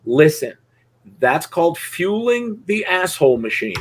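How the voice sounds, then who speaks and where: A middle-aged man coaches a dog-training student in a blunt, profane way. His voice is husky and sits a little high, and he slips into voices for dogs and people as he explains. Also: very animated, measured pace. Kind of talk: live coaching session.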